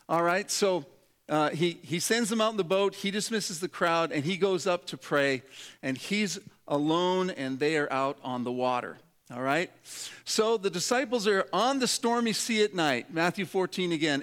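A man's voice: on the high side, a bit bright. A man preaching a sermon, dramatic, dropping his voice to act out prayers and quotes. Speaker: pastor.

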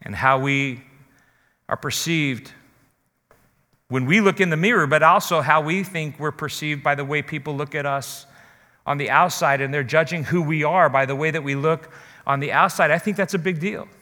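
A man's voice: a little high, normal speed, sharp tone, long reverb tail. A man preaching a sermon as pastor, talking earnestly and straight to his listeners. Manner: earnest, direct address to listeners.

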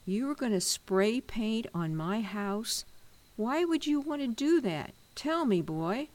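A woman reading a storybook, voicing a stern but kind middle-aged man with a gruff, commanding manner. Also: fairly high pitch, expressive, takes it slowly, darkish tone, pitched above the performer's own voice.

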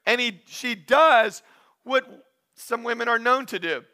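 A male pastor preaching a sermon, animated, acting out little asides with humor. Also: very high-pitched, a little slow, smooth.

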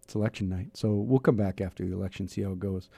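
A man's voice: sits low, fast, gravelly, warm tone, breathy edge, no room sound, clean studio sound. A middle-aged man hosting a radio talk show, chatty and self-mocking, rambling with restarts. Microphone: studio mic.

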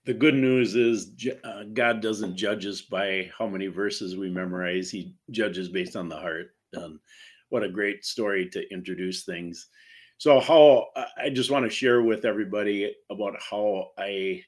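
Deep-ish guy hosting a talk show, earnest, encouraging tone. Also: a little slow. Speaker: host.

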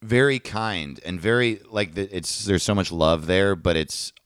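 A man from New York, a comedian guest on a podcast, telling stories in an animated, swearing way with acted-out quotes. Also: sits low, unhurried, dry recording, clean studio sound. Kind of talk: podcast storytelling chat.

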